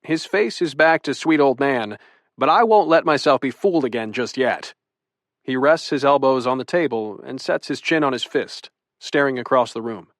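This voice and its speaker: A man's voice: medium pitch, moderate pace, a bit bright, no echo. A young man narrating a romantic comedy audiobook in first person, wry and self-deprecating. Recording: dry studio booth.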